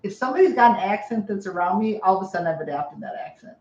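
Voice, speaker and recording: A woman's voice: medium pitch, animated, very fast, a little mellow. Chatty Midwestern woman, roomy lo-fi sound. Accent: Midwestern with a touch of Texan. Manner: chatty, playful, rambling. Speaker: co-host of a live stream. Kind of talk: casual chat.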